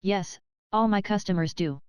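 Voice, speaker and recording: A woman's voice: mid-range voice, moderate pace, a little mellow, clear, resonant tone, dry recording, studio quality, lightly acted. A woman voicing a coarse, greedy Dutch midwife with a heavy Dutch accent and a blunt, haggling manner.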